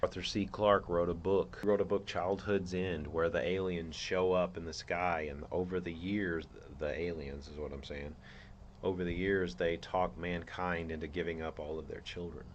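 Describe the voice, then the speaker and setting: A man's voice: deep voice, level tone, moderate pace, lo-fi sound, a little hiss or hum. A man hosting his own show, laying out a theory in an earnest, rambling monologue with many restarts. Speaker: podcast host.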